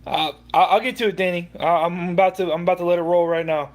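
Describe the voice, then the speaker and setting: A man's voice: high voice, fairly even intonation, fast talker. A young man hosting a sports livestream, ranting heatedly and profanely with many restarts. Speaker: livestream host.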